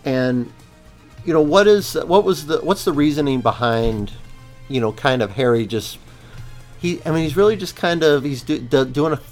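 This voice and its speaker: A male podcast host chats about a book in a rambling, jokey way. His fairly high voice swings up and down, with faint music under it. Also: animated, moderate pace. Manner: rambling, many fillers and restarts, jokey. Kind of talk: casual chat about a book.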